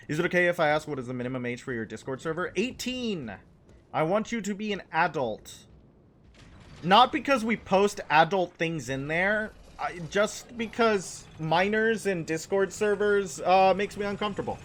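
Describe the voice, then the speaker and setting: A man's voice: high voice, animated, moderate pace, a bit bright. A young man chatting casually with his live chat while playing a game, joking and answering questions between moments of play.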